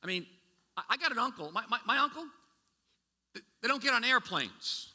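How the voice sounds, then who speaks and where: Animated male preacher in an echoey hall. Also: extremely high pitch, a little fast. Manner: animated, conversational preaching with many restarts and asides. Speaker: pastor. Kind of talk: sermon. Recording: echoey hall with long reverb.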